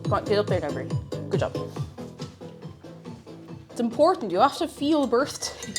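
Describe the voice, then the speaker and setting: A woman's voice: on the high side, sing-song, normal speed, music in the background. A woman streamer chatting casually while cooking, playful and talkative, her voice a little crackly after being sick. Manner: chatty and playful, bursts into silly singing. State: slightly crackly voice after illness.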